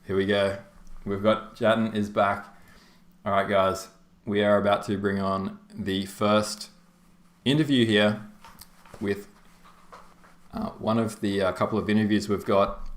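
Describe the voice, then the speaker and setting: Chatty Australian man with low voice. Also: little pitch movement, unhurried, long pauses. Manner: chatty, rambling, laughs often, many fillers. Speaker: tournament caster and stream host. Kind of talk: casual live-stream chat. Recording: roomy echo.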